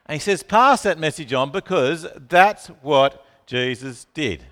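A man's voice: on the high side, unhurried. A man preaching a sermon, asking the congregation questions and calling on listeners by name. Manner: animated, asks the room questions, calls on listeners by name. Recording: long reverb of a hall.

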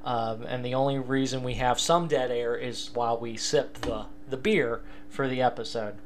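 A man's voice: medium pitch, steady tone, normal speed, slight background noise. A young man hosting a casual solo sports podcast, rambling and self-deprecating, with many fillers and restarts. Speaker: podcast host.

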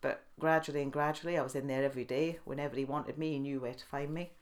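A middle-aged woman with a bass voice talks fast as a guest in a casual interview. She's a lively storyteller who laughs often and acts out the voices of the people she quotes.

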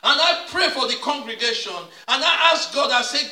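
A male pastor preaching a sermon with repeated call-and-response questions, sometimes rising to a shout. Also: very high-pitched, moderate pace, hardly any pauses, a little hiss or hum. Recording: echoey room, mic at a distance.

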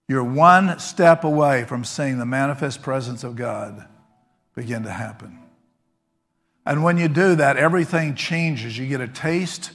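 Gravelly male preacher with soft organ music. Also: medium pitch. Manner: conversational storytelling that rises into fervent prayer. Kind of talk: sermon with storytelling and prayer.

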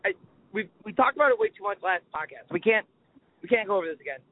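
Male sports podcast co-host, high voice, casual and worked up, swears a lot; tinny phone-quality audio. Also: fast talker. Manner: excitable, exasperated, swears often. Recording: tinny phone-like dry sound.

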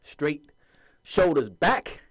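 A man's voice: fairly high pitch, sing-song, drawn-out words. A man giving an impassioned, preachy monologue to his viewers, sometimes mocking the voices of other people. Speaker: commentator addressing viewers.

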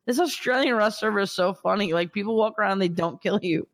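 A man with a high voice tells animated, crude stories in a loose group chat. He fills his talk with casual asides. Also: quick pace.

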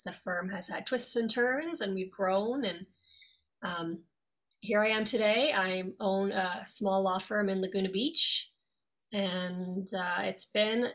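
A middle-aged woman from New York with no regional accent, a lawyer speaking as a guest in an interview in an articulate, friendly, measured way. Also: medium pitch, sharp tone. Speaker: guest, attorney. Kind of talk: interview conversation.

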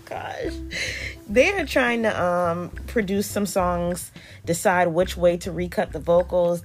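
A woman hosting a podcast, giving a casual, sassy review full of slang and frequent laughter. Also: on the low side. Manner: animated and sassy, laughs often, uses slang. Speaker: podcast host reviewing a reality show. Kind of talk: casual commentary.

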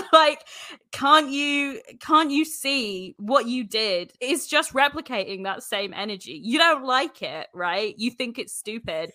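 A woman's voice: sits high, animated, slow pace, sharp tone, no echo, studio quality. A young woman co-hosting a podcast, chatting casually, teasing and laughing often. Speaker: podcast co-host. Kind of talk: casual chat.

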